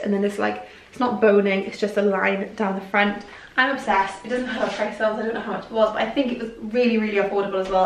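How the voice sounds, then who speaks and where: A woman's voice: medium pitch, a bit bright, recorded from a distance. A young woman chatting casually through a clothing haul, gushing and full of "like", a little out of breath. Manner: gushing, chatty, lots of "like" and "I love". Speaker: fashion vlogger. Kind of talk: casual try-on haul chat. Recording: echoey room, voice from off-mic.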